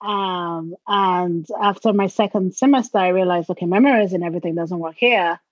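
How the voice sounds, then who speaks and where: Animated Nigerian-born woman telling stories. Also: fairly low pitch, moderate pace, no echo, lo-fi sound. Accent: British English with a Nigerian background. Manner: animated storyteller, laughs and acts out quotes. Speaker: interview guest. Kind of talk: casual conversational interview.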